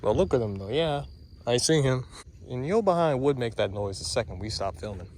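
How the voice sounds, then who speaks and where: A man's expressive mid-range voice, brisk and a little mellow, comes with a slight hiss or hum. He's vlogging casually on foot with a handheld camera at an outdoor farm or petting zoo, chatting and poking fun at the animals.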